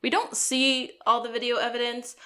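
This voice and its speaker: Bright-voiced chatty woman co-host. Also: fairly high pitch, level tone, normal speed. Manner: chatty, many "like" fillers, acts out quotes. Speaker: podcast co-host. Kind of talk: casual episode recap chat.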